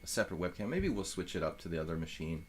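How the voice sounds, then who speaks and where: A man's voice: low voice, sing-song, very fast, slight background noise. A man giving live chess commentary as a streamer, thinking aloud in a loose, rambling way full of fillers and restarts.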